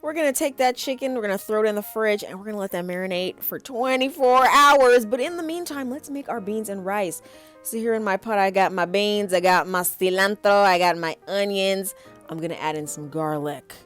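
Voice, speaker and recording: A woman's voice: medium pitch, fairly quick, a bit bright. A woman hosts a laid-back cooking vlog, talking through each step of a recipe. Her delivery is playful, with joking asides to the viewers, and faint music plays underneath. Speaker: cooking show host.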